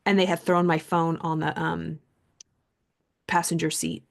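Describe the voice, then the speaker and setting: Gravelly low-voiced woman telling a story. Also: little pitch movement, a little slow. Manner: rambling, chatty, heavy use of "like"; earnest, reflective. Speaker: podcast host and coach. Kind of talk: casual storytelling monologue.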